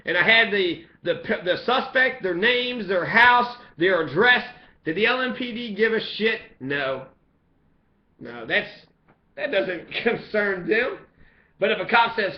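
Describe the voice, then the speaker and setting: Speaking out as a resident, a high-voiced man rants about the police at a measured pace, animated, angry, profane and repetitive. His impassioned monologue comes through echoey, dull lo-fi audio.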